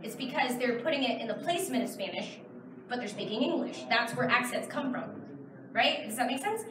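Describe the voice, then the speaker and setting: A woman's voice: on the high side, lively intonation, brisk, roomy sound, far from the mic, noisy background. A woman in her thirties from Texas, answering audience questions at a convention panel in a chatty, rambling way. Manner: chatty, explains with many fillers. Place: large convention hall. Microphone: far camera in the audience.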